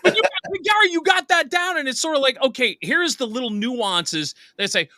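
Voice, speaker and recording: A man's voice: very high-pitched, lively intonation, normal speed, sharp tone, no room sound, clean studio sound. A man hosting an interview, asking enthusiastic, complimentary questions in casual chat. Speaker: podcast host.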